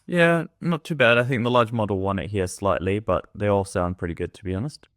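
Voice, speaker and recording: A man hosts a tech video in a fairly low voice, speaking relaxed, tentative verdicts with plenty of fillers. He calls his own reading voice monotone. The recording is close and dry. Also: a little fast, no room sound. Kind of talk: casual commentary.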